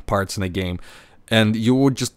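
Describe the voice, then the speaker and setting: A man with a lowish, smooth, resonant voice chats casually as a podcast host. He talks in halting runs, restarting and repeating words as he searches. The sound is dry and close, with no room around it. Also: no echo.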